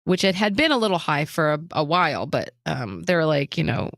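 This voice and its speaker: Woman retelling a story, lively and candid. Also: deep voice, brisk, no echo, clean studio sound. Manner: animated retelling that acts out other people's lines, with nervous laughs. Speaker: podcast co-host. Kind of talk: casual chat, personal storytelling.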